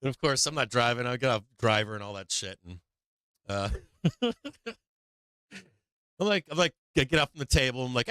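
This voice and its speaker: A man's voice: medium pitch, expressive, normal speed, long pauses, bright, forceful tone, clear, resonant tone, no echo. An older man from Boston with a Boston accent, hosting a livestream and telling a rambling story in casual chat, laughing often and swearing freely. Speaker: livestream host.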